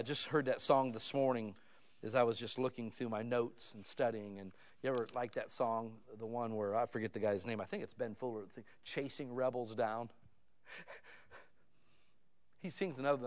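A male pastor preaching a sermon in a conversational style, dropping to low asides and rising to loud, pleading emphasis. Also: steady tone, moderate pace.

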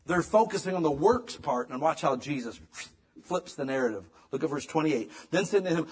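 A man giving a sermon in a casual, conversational way, swinging between emphatic loud lines and hushed ones. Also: fairly high pitch, lively intonation, a little fast, husky. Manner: casual, conversational preaching with slang. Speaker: pastor.

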